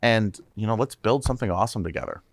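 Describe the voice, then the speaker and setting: A man, a tech company CEO, guesting on a casual podcast, energetic and repeating his words as he speaks straight to listeners. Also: fairly low pitch, fast, dry recording.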